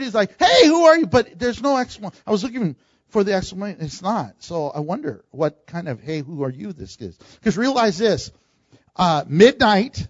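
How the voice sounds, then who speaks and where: A man preaches with a high, lively voice. He acts out the lines he quotes and laughs often. The sound is dry and a bit muffled. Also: dry recording. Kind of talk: sermon.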